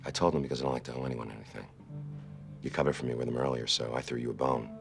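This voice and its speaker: Very low-pitched man, resentful lawyer, bitter and cold, music behind. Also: steady tone, very fast. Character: petty, resentful male lawyer, middle-aged. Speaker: law firm partner. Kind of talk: TV drama acting.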